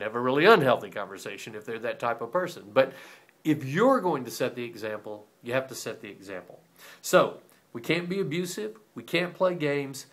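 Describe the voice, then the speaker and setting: Middle-aged guy preaching, animated storyteller, mid-pitched voice, acts out the people he talks about. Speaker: pastor. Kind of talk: devotional teaching talk.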